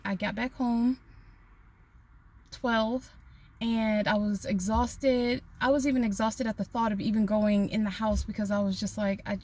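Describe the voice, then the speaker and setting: A woman's voice: fairly high pitch, darkish tone. A woman vlogger casually telling a personal story to her phone camera, chatty, with many fillers and restarts.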